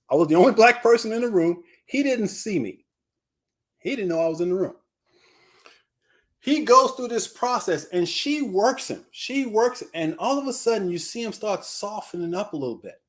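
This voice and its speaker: A man, addressed as coach, telling a story in a live group discussion. His voice rises and falls a great deal as he goes. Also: sits high. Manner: animated storyteller, voice swings up and down.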